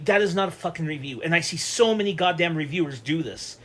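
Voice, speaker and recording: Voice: medium pitch, fast talker, hardly any pauses. A channel host delivering a heated, profanity-laden rant, swearing constantly and hammering the same point over and over. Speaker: online reviewer and channel host. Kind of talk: profane ranting vlog monologue.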